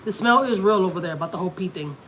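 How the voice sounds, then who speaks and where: A woman's voice: lowish voice, expressive, racing, a crowd in the background. A woman from Texas, chatting casually on a family vlog live stream and telling a long story, repeating herself often. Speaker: family vlogger.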